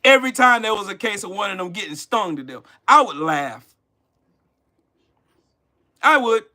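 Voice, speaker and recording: A man's voice: high voice, lively intonation, moderate pace, pushed and bright. A man ranting on a livestream, profane and mocking, talking to his chat viewers by name. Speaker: political commentary livestream host. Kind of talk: casual livestream rant.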